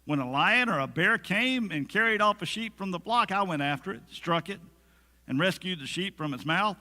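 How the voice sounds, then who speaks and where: A man's voice: sits high, lively intonation, moderate pace, pushed and bright, big-room sound. A man preaching a sermon as pastor, conversational, with humorous asides and acted-out quotes. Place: church sanctuary.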